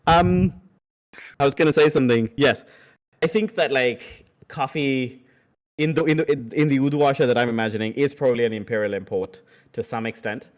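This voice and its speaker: A man running a tabletop game with an easygoing, chatty delivery. His voice sits at an ordinary middle pitch, and he breaks into laughter often. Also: moderate pace. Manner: relaxed, chatty, laughs easily. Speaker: game master.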